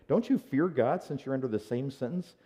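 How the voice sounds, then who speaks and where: A man's voice: mid-range voice, expressive, a little fast, warm tone, in a large hall, pitched above the performer's own voice, lightly acted. A man voicing an earnest, indignant criminal who rebukes another, in a sermon.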